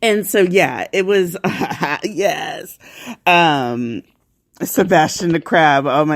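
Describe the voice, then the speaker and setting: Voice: medium pitch, slow pace. A podcast host chatting casually from home while feeling unwell, rambling and laughing often.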